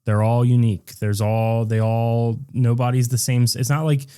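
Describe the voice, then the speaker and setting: A man's voice: medium pitch, level tone, normal speed, warm tone, clear, resonant tone. A man co-hosting a podcast, casually and crudely recapping a movie and acting out characters' lines. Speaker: podcast co-host.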